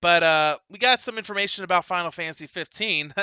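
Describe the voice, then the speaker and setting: A man's voice: sits high, fast talker, few pauses, pushed and bright, clean tone, no room sound. A man hosting a casual gaming podcast, chatting and laughing as he reads out news items. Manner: chatty, laughs often, many fillers. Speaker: podcast host.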